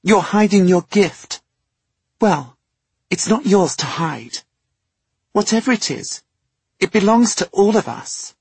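A man's voice: sits high, lively intonation, slow, pauses often, a little mellow, breathy edge, no echo, voice pushed up, full character voice. A man putting on a fierce vengeful little girl. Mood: demanding. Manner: intense, demanding. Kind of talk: audiobook character voice.

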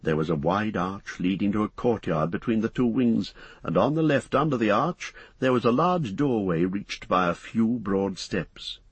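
A man narrating a book aloud, in a husky voice with measured, descriptive storytelling. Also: on the low side, expressive, no room sound. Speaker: audiobook narrator. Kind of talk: scripted narration.

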